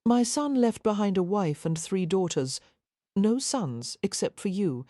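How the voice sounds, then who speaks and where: A man's voice: high-pitched, lively intonation, unhurried, warm tone, no room sound, clean studio sound, pitched above the performer's own voice. A woman doing a proud old Anglo-Irish earl. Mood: imperious. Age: older. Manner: cool, dispassionate, commanding.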